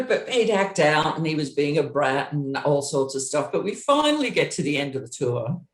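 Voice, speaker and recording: A middle-aged woman, a former touring roadie, telling a story in an interview, acting out the dialogue and laughing as she goes. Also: reverberant. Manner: lively, acts out quoted dialogue with big pitch jumps.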